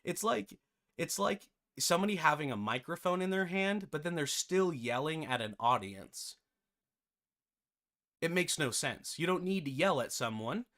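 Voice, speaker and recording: A man who hosts a game development tutorial, telling a casual, animated story with chatty asides. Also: fairly high pitch, normal speed.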